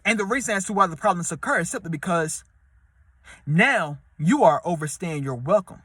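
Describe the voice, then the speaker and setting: Bright-voiced man giving slangy relationship advice. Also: animated, normal speed, breathy edge, dry recording. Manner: slangy, repetitive, street-talk delivery; acts out quoted voices in a high pitch. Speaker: advice vlogger. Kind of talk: casual advice monologue.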